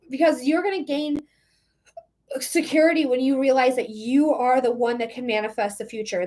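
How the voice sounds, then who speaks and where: A woman's voice: fairly high pitch, darkish tone. Chatty woman reading tarot live. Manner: chatty, frank, swears casually. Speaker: tarot reader.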